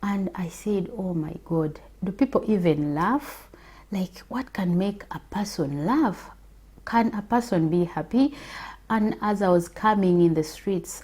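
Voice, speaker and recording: A woman from Africa and a mother, telling her personal faith testimony in a slow, reflective way with hesitant pauses. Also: on the low side, mellow. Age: adult with children.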